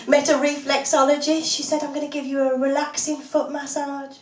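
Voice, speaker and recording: A woman doing a stand-up comedy set of deadpan one-liners, laughing often. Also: sits high, fairly quick. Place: small pub comedy club, audience laughing. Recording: echoey room, voice from far off.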